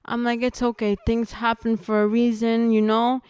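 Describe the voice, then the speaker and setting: A young woman, a podcast guest, telling a personal testimony in casual conversation, earnest and halting with restarts. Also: fairly high pitch, little pitch movement, darkish tone, clean tone, no echo, studio quality.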